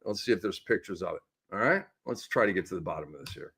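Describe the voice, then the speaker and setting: A middle-aged man hosting a sports show, ranting excitedly in animated solo commentary. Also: sits low, husky. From lives in the Tampa Bay area. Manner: excitable, ranting, quick shifts in volume.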